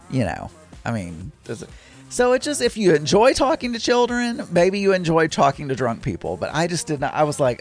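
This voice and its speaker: Lively chatty man telling a story. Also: a little high, normal speed, soft background music. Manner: chatty, rambling, exasperated asides. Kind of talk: casual storytelling monologue.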